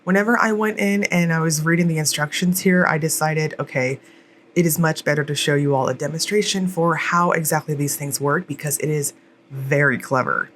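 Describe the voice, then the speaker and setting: A woman's voice: low voice, brisk, a bit bright, slight background noise. A woman chatting casually through a product unboxing, rambling with fillers and poking fun at herself. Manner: jokey, laughs at herself. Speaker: nail polish reviewer.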